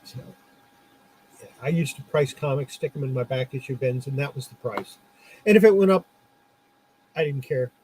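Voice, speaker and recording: A man's voice: medium pitch, moderate pace, long pauses, a little mellow, a little hiss or hum, poor audio. A middle-aged man, a former comic shop owner, chatting casually and telling anecdotes with frequent laughs. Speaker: comic shop owner turned podcast host. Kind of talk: casual storytelling chat.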